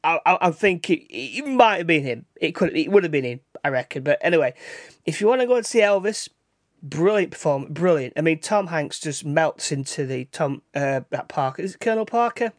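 Bloke rambling on his podcast, keeps restarting words, gets excitable, voice on the higher side, dry close sound. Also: a little fast, no echo. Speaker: podcast host. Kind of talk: casual solo podcast chat. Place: indoors, rain outside.

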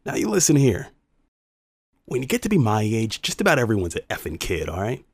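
A man's voice: wildly swooping pitch, fairly quick, creaky, breathy edge, dry recording, heavily acted. A man doing a condescending older man. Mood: menacing. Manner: low, menacing then stammering.

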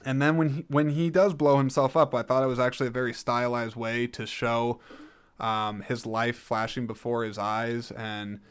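A man talks through a film review on his own show in an easy, joking way, wandering off track and correcting himself. His voice is smooth and clean, sitting at an ordinary middle pitch. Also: little pitch movement, normal speed. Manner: rambling, jokey, self-correcting. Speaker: podcast host reviewing a film. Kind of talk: casual solo film review.

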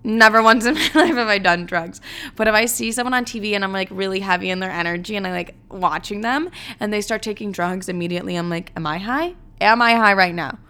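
Young female podcast host, brash and profane, chatty storyteller with a gravelly fry. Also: medium pitch, fast, bright, forceful tone. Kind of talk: casual storytelling monologue.

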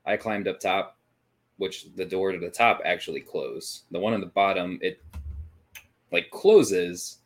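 A man's voice: low voice, expressive, a little slow. A man co-hosting a paranormal podcast, casually recapping a ghost-hunting night, rambling with frequent restarts. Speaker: paranormal investigation podcast co-host.

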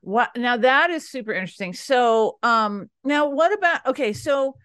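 A woman's voice: a little high, animated, normal speed, a bit bright, clear, resonant tone. A woman hosting an interview, asking questions and reacting with short sympathetic remarks. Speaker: host.

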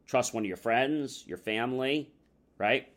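Brief: male talk host, conversational advice, mid-pitched voice. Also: unhurried, fairly bright tone. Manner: conversational, explaining, uses fillers. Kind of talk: advice talk with acted-out examples.

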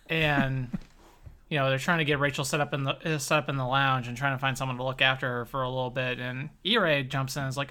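A woman from Chicago co-hosting a podcast, giggly and animated, swearing casually as she recaps. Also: rumbling low, fairly quick. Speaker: podcast co-host. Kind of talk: casual chat recapping a TV episode.

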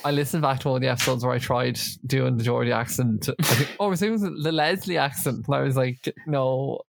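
A man's voice: mid-range voice, fairly quick, gravelly, no room sound. A man co-hosting a podcast, chatting casually and jokily as he recaps a reality show, with lots of fillers. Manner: chatty, jokey, many fillers. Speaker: podcast co-host.

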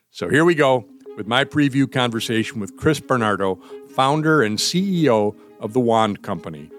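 A man's voice: mid-range voice, no echo, clean studio sound. A man in his sixties from the United States hosting a podcast, talking in a chatty, self-deprecating way and laughing easily. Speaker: podcast host. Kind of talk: podcast monologue and casual chat.

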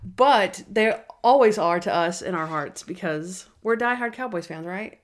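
A bubbly woman co-hosting a relaxed podcast, chatting through a TV episode recap. She talks in a middle pitch, swinging between quick asides and drawn-out emphasis, and slips into big, playful voices to act out scenes. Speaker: podcast co-host. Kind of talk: casual episode recap chat.

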